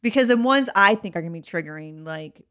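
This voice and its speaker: A woman's voice: lowish voice, animated, quick pace, a bit bright, clean tone. A woman guest in a casual podcast chat, an adoptive mother who talks chattily and makes wry remarks.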